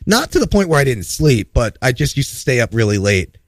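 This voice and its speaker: A man's voice: medium pitch, big pitch swings, fairly quick, dry recording. A man, an improv comedian, telling a rambling story in casual chat on a talk show.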